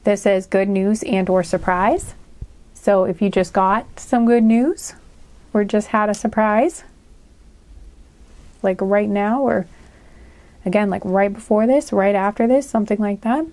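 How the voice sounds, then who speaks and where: A woman talks through a tarot reading in a loose, chatty way, with plenty of "um" and "like" as she goes. Her voice is soft and mellow rather than bright, and sits at an ordinary middle pitch. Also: unhurried, long pauses, no room sound. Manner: rambling and chatty, with many fillers. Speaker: tarot reader. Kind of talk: casual spoken tarot reading.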